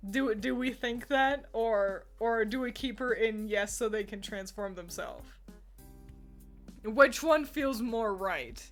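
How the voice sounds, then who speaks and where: A young woman streamer in casual chat with her viewers. She keeps breaking into giggles, and her voice sits fairly high with an unhurried, drawn-out pace. Faint music plays in the background. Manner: giggly, laughs often, talks to chat. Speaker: streamer ranking characters.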